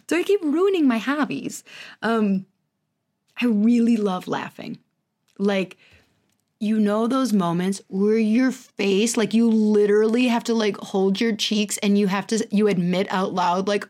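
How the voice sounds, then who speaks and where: Candid woman podcaster in her thirties. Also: unhurried. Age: 30s. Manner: candid, self-mocking, lively swings in pitch. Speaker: podcast host. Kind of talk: casual solo podcast monologue.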